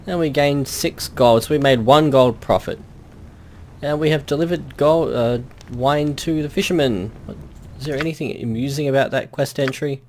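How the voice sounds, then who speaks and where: A man's voice: medium pitch, moderate pace, a little mellow. A man giving casual gameplay commentary with dry, wry asides and the odd crude joke. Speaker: let's play host.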